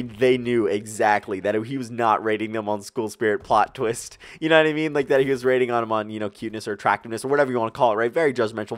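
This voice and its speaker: A young man tells a story to his camera in a loose, rambling way, full of fillers. His voice sits in an ordinary middle pitch. The sound is dry and close, with little room echo. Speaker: vlogger. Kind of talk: casual storytime vlog.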